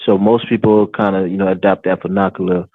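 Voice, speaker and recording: Low-voiced guy on a dry phone-line call, talks fast, keeps restarting and saying you know. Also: little pitch movement, no echo. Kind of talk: casual chat.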